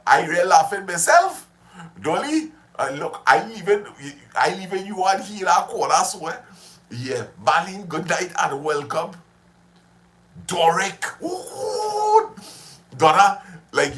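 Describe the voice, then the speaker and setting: A man's voice: on the high side, fairly bright tone. A man hosting a casual livestream, chatty and reminiscing, laughing often as he talks with viewers. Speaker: livestream host.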